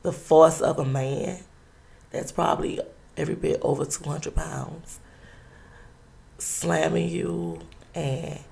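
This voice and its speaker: A woman telling a personal story in an interview, halting and earnest, with many pauses and restarts. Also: low-pitched, fairly even intonation, gravelly, darkish tone.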